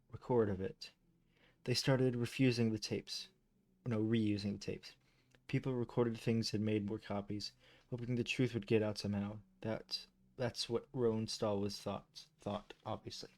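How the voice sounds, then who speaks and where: His voice is mid-range with a darkish tone as he reads game lore aloud. He stumbles and restarts often, wandering into chatty asides that poke fun at himself.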